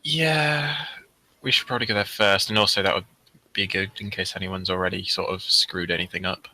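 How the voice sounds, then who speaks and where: A man playing a tabletop game, talking in a quick, amused way. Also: low voice, steady tone, bright, forceful tone, poor audio. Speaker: player. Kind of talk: casual tabletop game play.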